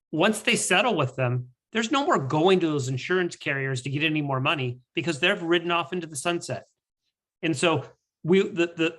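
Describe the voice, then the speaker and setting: Bright-voiced man explaining earnestly. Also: a little high.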